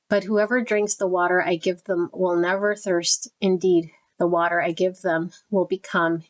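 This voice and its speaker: Slow, tender-voiced woman reading cards. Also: lowish voice, rough recording. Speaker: tarot deck reviewer. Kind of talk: reading card texts aloud in a deck flip-through.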